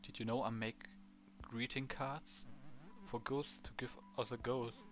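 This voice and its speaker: A man's voice: medium pitch, flat delivery, a little slow, faint music behind, lightly acted. A man reading Kyo, a nervous chatty ghost. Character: nervous, friendly young male ghost.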